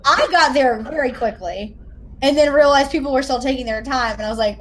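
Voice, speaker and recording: A woman's voice: high voice, moderate pace, a bit bright. A woman from the American South, hosting a podcast and telling a chatty, self-deprecating story. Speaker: podcast host. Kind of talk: casual chat.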